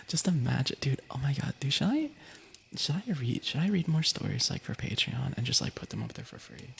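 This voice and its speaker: A young man whispers on an ASMR stream, chatting and reading stories aloud while giggling and cutting himself off, playful and prone to interrupting himself. His mid-range voice is animated and fairly bright with vocal fry, at a moderate pace. There's slight background noise.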